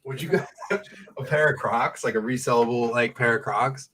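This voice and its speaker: A man's voice: medium pitch, moderate pace, fairly bright tone, a little hiss or hum. A young man hosting a casual live stream. He chats with viewers, reads their comments aloud and laughs often. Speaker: livestream host and reseller. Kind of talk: casual livestream chat.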